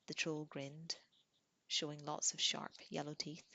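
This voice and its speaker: A woman narrating a book chapter aloud in a calm, measured way. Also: deep voice, gravelly, no echo. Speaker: audiobook reader. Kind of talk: audiobook narration.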